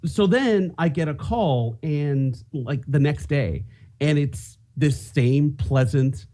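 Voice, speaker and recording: A man's voice: fairly high pitch, slow pace, warm tone. A man co-hosting a podcast, telling a self-mocking story in casual chat. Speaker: podcast co-host.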